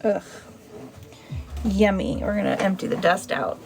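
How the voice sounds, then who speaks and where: A woman chatting casually on a livestream as she sorts her buttons, excitable and talking to them as she goes. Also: mid-range voice, measured pace, vocal fry, loud music behind the voice. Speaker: button seller sorting her finds on a livestream. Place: indoor room.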